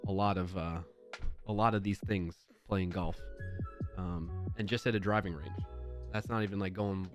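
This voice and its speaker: A man in his thirties hosting a livestream, telling a casual, rambling story with lots of fillers and restarts into a desk mic. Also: fairly low pitch. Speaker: livestream host.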